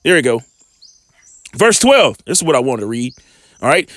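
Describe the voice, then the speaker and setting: A man with a high, lively voice works through scripture verse by verse. He stretches the readings out slowly and deliberately, then drops into relaxed, casual commentary between them. The sound is close and dry, with no room around it. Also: no echo. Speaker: scripture teacher.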